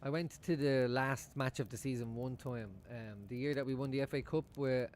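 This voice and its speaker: A man's voice: medium pitch, fairly even intonation, moderate pace, darkish tone, slight background noise. A man chatting casually at home while he watches a football match live for his stream, swearing freely and laughing often. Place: room at home.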